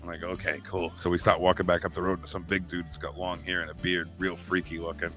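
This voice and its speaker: A man's voice: low voice, fast talker, faint music behind. A man co-hosting a podcast, telling a story casually and acting out the quotes. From New England. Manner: animated storyteller, acts out quotes. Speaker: podcast co-host.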